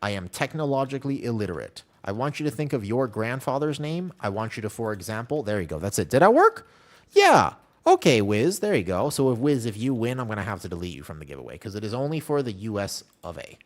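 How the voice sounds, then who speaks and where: A man's voice: lowish voice, lively intonation, fast talker, few pauses, a little mellow. A man chatting casually on a live game stream, telling rambling self-deprecating stories and answering chat messages aloud.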